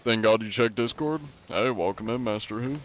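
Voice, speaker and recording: A man's voice: fairly low pitch, moderate pace, slight background noise. A young man streaming a game, chatting casually with viewers, reading their messages aloud and laughing easily at a desk mic. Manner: laid-back, reads chat aloud, laughs often. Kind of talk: casual live-stream chat.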